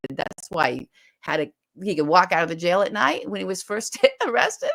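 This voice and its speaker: A woman co-hosting a political podcast, talking emphatically and fast and retelling scenes vividly as she makes her case. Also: fairly low pitch, very animated, creaky, a bit bright. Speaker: podcast co-host. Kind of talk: animated political podcast talk.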